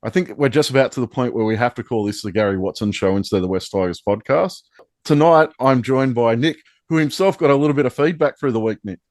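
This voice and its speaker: A man's voice: mid-range voice, fast talker, a little mellow, no echo. Wry man hosting. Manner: wry, teasing. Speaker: podcast host. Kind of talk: casual sports chat.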